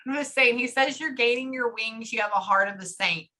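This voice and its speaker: A woman working as a psychic medium, talking fast and casually through a live reading and swearing freely. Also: fairly high pitch, pushed and bright. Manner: rapid, chatty, swears casually.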